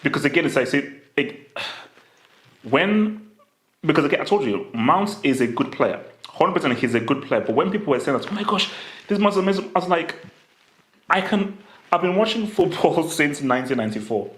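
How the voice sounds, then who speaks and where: A man co-hosting a football podcast, making his case in measured lists with frequent "I mean" fillers. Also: fairly high pitch, animated, fairly bright tone. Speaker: podcast co-host. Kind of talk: casual football chat. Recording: echoey room with faint noise.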